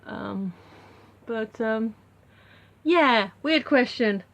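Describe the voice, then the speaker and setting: A woman's voice: on the high side, expressive, extremely slow, fairly bright tone. A British woman vlogging to camera in a casual, rambling way, full of ums and restarts.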